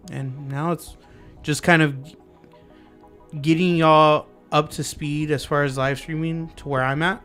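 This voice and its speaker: Male podcast host, casual and rambling, slightly raised pitch, soft music bed. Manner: loose and rambling, lots of fillers and restarts. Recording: lofi music underneath.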